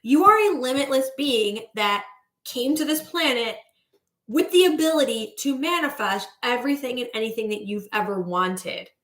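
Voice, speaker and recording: A woman's voice: fairly high pitch, lively intonation, normal speed, a bit bright, echoey room. A woman manifestation coach in a breezy, chatty livestream talk, greeting viewers as she goes.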